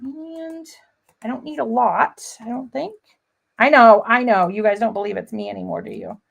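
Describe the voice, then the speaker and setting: A woman's voice: fairly high pitch, moderate pace, creaky, muffled recording. A woman hosting a live paper-crafting demonstration, chatting bubbly and giggly with viewers and greeting them by name. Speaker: crafting livestream host.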